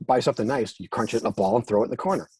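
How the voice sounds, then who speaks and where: A man's voice: medium pitch, rapid-fire, a little mellow, husky. A man, a guest musician, telling rambling, self-deprecating stories in a casual interview.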